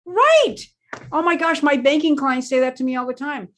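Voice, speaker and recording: A woman's voice: high-pitched, animated, normal speed, fairly bright tone. A woman speaking as an expert interview guest, explaining her points in an emphatic conversational way and leaning on key words. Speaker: guest expert on crisis planning.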